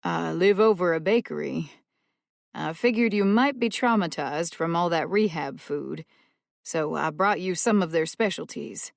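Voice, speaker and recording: A woman voicing a hesitant, polite adult man meeting a family, with a gravelly low voice. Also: a little slow, no room sound, studio quality.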